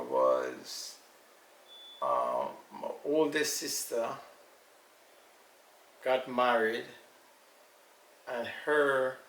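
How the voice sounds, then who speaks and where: Older Jamaican man with gravelly voice. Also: mid-range voice, bright, forceful tone. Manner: unhurried, reminiscing storyteller. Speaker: elder being interviewed. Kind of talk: casual recollection. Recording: echoey room, far from mic, faint noise.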